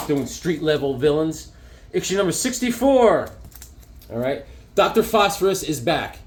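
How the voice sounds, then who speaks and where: A man casually chatting as he shows off his comic book collection, rambling and enthusiastic. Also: fairly high pitch. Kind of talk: casual show-and-tell chat.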